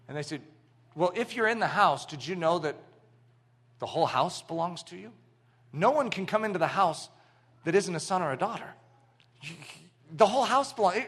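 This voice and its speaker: Guy preaching, high bright voice that jumps all over, acts out little scenes. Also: moderate pace, long pauses, breathy edge. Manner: animated storytelling, acting out little scenes; swings from loud emphatic to hushed. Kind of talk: sermon.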